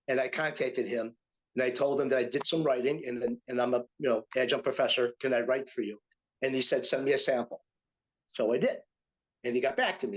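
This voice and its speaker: Older man, interview guest, rambling and hesitant, mid-pitched voice, dull lo-fi sound. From Utica, New York, USA. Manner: rambling, hesitant, with many fillers and restarts. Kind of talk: casual interview storytelling.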